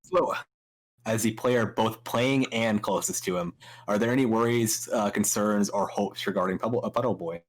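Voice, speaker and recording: A man's voice: fairly low pitch, moderate pace, low-quality recording. A man hosting a casual talk show, asking players rambling questions with fillers.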